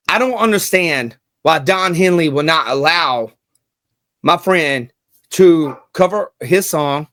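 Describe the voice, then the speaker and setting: A man's voice: sits high, fairly bright tone, no room sound, clean studio sound. A man hosting a casual commentary vlog, hyped and slangy, repeating lines for emphasis. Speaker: channel host.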